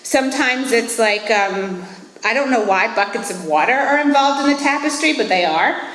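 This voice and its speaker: A woman's voice: fairly high pitch, expressive, moderate pace, a bit bright. A woman in her thirties giving an earnest, reflective talk at a recovery meeting. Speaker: AA speaker. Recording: echoey hall.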